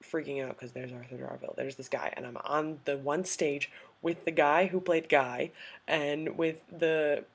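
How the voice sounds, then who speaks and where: A young adult woman telling a story in a casual vlog, gushing and excitable, full of "like" and "um". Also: low-pitched, measured pace, vocal fry, slightly rough. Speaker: vlogger.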